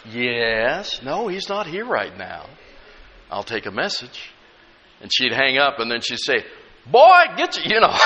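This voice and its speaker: A man's voice: on the high side, bright, forceful tone. A middle-aged male pastor preaching a sermon, emphatic and conversational with humorous asides. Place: church sanctuary. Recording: echoey church hall.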